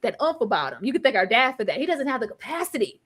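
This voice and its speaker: A woman co-hosting a TV review show in casual chat, animated and exclaiming, laughing and bursting into near-yells as she reacts. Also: a little high, fast, breathy edge. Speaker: TV review podcast co-host.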